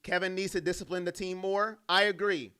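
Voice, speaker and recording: Loud, bright-voiced male sports streamer. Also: sits high, a little fast, clean tone. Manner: animated, loud, reacts to plays and reads donations. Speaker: fan livestream host doing play-by-play. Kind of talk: excited live play-by-play and chat reading.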